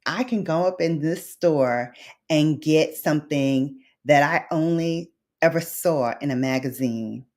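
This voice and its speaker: Her voice is low and somewhat dark, and she never hurries. This beauty vlogger from Brooklyn, New York, chats casually with her livestream viewers, sounding heartfelt and nostalgic as she calls them babes and honey.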